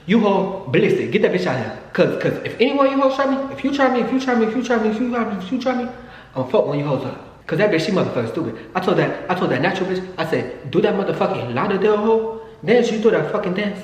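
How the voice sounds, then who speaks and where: A man's voice: sits high, big pitch swings, fast talker, voice pushed up. A man putting on a brash, foul-mouthed diva dance coach who scolds and brags, in an echoey room. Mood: scolding. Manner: brash, boastful, insulting. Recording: echoey room with long reverb.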